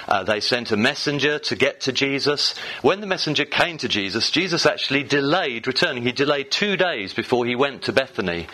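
Bright-voiced man preaching a sermon. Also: mid-range voice, low-quality recording. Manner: conversational, with fillers and restarts, asks the congregation questions. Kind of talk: sermon with scripture reading. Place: church.

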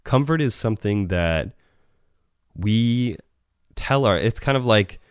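Deep-voiced man rambling on a solo podcast. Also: expressive, slow, clean tone, dry recording, clean studio sound. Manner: rambling, profane, self-correcting. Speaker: podcast host.

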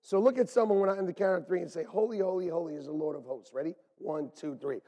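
A man preaching a sermon as pastor, animated and swinging from loud calls to hushed near-whispers. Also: high voice, fast talker, long reverb tail.

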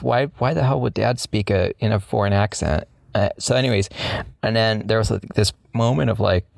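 A man's voice: on the low side, creaky, dry recording, studio quality. A middle-aged man telling a story in a casual chat, rambling and self-mocking with lots of fillers.

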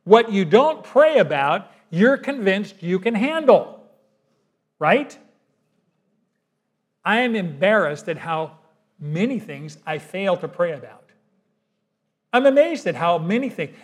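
A male pastor delivering a sermon. He talks in a folksy, conversational way, and his voice sits fairly high. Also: animated, measured pace, long pauses. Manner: folksy, conversational preaching with acted asides.

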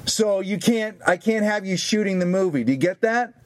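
A man playing a pushy Hollywood producer who talks down slowly and repeats his orders. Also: high voice, lively intonation, voice pushed up. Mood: condescending. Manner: slow, talking down, repeating commands.

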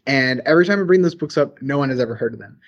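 A man's voice: mid-range voice, lively intonation, very fast. Enthusiastic young man, Southern accent, podcast guest, a bit muffled. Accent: Southern American. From rural American South. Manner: eager, enthusiastic, rambling storyteller. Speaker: guest, engineer. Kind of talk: casual podcast chat.

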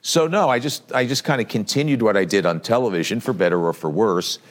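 A man's voice: fairly low pitch, brisk. A man, a play-by-play broadcaster and host, chatting and asking questions with frequent restarts. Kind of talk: casual interview chat.

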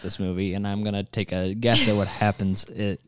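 A man's voice: fairly low pitch, level tone, brisk, slight background noise. A man co-hosting a podcast in casual chat, telling rambling, self-deprecating stories full of fillers. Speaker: podcast co-host.

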